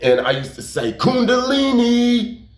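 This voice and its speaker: A man with a fairly high voice tells a story in a loose, rambling way. He repeats words, drops slang and curses for emphasis. The room is roomy and echoey. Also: expressive, measured pace. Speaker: YouTube storyteller. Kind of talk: casual storytelling monologue. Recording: roomy echo.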